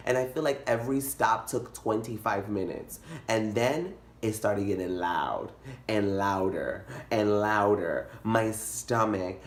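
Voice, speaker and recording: A young man telling a comic story in a vlog, animated and dramatic, jumping into high squeals. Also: measured pace. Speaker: vlogger. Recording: echoey room.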